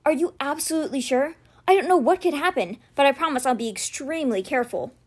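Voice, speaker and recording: A woman's voice: high voice, fast, darkish tone, natural voice. A woman voicing an anxious, earnest teenage boy who speaks in nervous, eager bursts.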